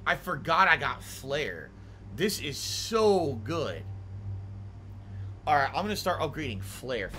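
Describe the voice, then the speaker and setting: A man giving casual gameplay commentary, excitable and prone to laughing and mock-outraged rants. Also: a little high, slow, pauses often, slight background noise.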